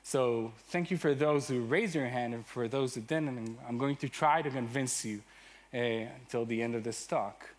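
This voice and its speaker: A man's voice: medium pitch, normal speed. A man from Israel giving an enthusiastic, self-deprecating conference talk on stage, with frequent fillers. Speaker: conference speaker.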